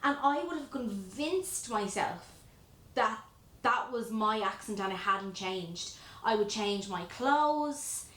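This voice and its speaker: An Irish woman hosting a podcast, chatting and telling stories in an animated way. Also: medium pitch, slow. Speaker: podcast host, lash artist. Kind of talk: casual chat. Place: room in a lash salon. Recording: roomy echo.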